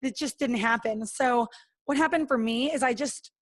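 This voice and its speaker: A woman with a high, bright-sitting voice talks as a podcast guest. She is earnest and motivational. She often acts out her own thoughts and what others said to her. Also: moderate pace. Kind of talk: casual interview talk.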